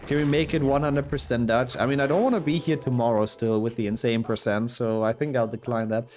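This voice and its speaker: A man's voice: mid-range voice, fairly even intonation, brisk, darkish tone. A young man with a sick voice, casually commentating his speedrun and answering chat. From Germany. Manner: chatty, reads and answers chat while playing. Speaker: speedrunner streamer.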